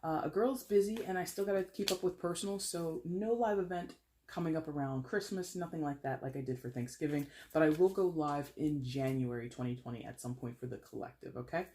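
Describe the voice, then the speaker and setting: A woman's voice: deep voice, a little fast, a little hiss or hum. Casting: woman in her thirties, tarot reader, chatty, playful, laughs a lot. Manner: chatty, animated, laughs and plays with voices. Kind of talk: casual tarot reading to camera.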